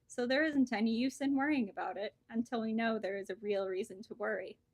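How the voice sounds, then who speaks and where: A calm, sensible vole , read by a woman. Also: fairly high pitch, fairly quick, no echo. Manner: calm, matter-of-fact, reasonable.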